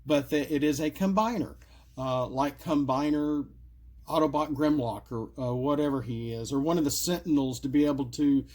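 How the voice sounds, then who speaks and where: A man's voice: a little high, moderate pace, a little mellow. A middle-aged man casually presenting homemade game cards, rambling with many fillers and asides, his voice cracking and coughing at times. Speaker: card game creator presenting custom cards. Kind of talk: casual solo video talk.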